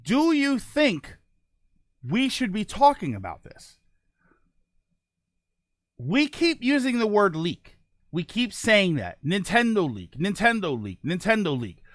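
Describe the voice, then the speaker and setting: Lively, high-voiced man chatting on stream. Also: takes it slowly, long pauses, dry recording, studio quality. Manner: rambling, self-correcting, reads chat aloud. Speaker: livestream host. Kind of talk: casual live-stream chat.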